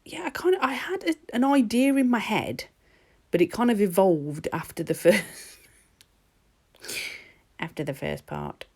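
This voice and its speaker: A woman's voice: medium pitch, animated, a little slow, long pauses, warm tone, breathy edge. A woman narrating her nail art in a chatty, rambling voice-over recorded at home. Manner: chatty and rambling, with laughs and ums.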